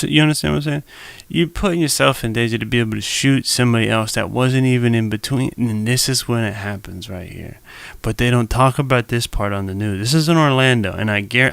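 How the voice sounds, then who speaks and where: A man's voice: medium pitch, gravelly, fairly bright tone, clear, resonant tone, dry recording. A young man giving loose, slangy reaction commentary on a live stream, talking straight to viewers into a desk mic.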